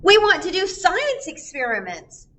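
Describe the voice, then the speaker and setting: A woman's voice: very high-pitched, huge pitch swings, measured pace, a bit bright, pitched above the performer's own voice, full character voice. Woman doing whiny pleading storybook grown-ups. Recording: distant mic, faint background noise.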